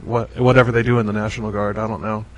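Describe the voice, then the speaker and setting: A man's voice: lowish voice, little pitch movement, low-quality recording. A man hosting a podcast in casual chat, rambling with many restarts and frequent laughs. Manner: rambling, halting, laughs often. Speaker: podcast host.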